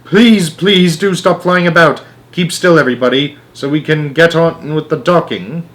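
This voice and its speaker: A man doing an eccentric, excitable candy-maker pilot. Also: fairly high pitch, moderate pace, slight background noise, pitched above the performer's own voice, natural voice. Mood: commanding.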